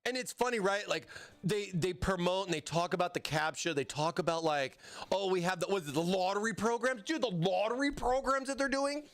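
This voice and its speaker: An American man with a high, slightly quick, fairly bright voice hosts a relaxed live stream. He chats with viewers while building a PC, frequently stopping mid-sentence to respond to chat.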